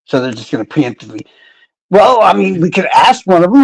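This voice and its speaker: A man's voice: sits high, very animated, fairly quick, gravelly, no room sound, poor audio. A man talking casually and sarcastically to viewers on a live stream, rambling and cursing. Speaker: true crime streamer.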